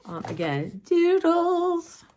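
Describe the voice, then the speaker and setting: A woman's voice: very high voice, big pitch swings, drawn-out words, a little mellow, slight background noise. A woman, rambling chattily to her viewers in a casual art vlog. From United States. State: sore throat. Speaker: vlogger.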